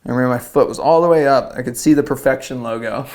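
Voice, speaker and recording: A man's voice: medium pitch, fast, a little mellow. A young man from South Carolina, a surfer and podcast guest, telling a story casually and rambling with lots of "like". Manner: rambling, lots of "like", acts out quotes.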